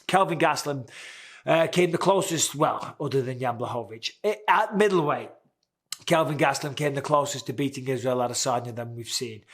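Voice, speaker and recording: A man's voice: medium pitch, brisk. A man in his forties hosting a casual, candid sports commentary, chatty and swearing now and then. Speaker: host.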